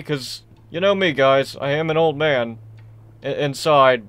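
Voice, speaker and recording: A young man casually commenting on a horror game he is playing, rambling, excitable and self-deprecating. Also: medium pitch, a little slow, smooth. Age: young adult. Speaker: gaming channel host. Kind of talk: casual let's-play commentary.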